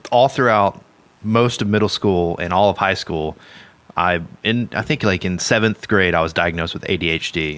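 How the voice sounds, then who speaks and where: Deep-voiced man in rambling podcast chat. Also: fairly bright tone. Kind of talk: casual chat.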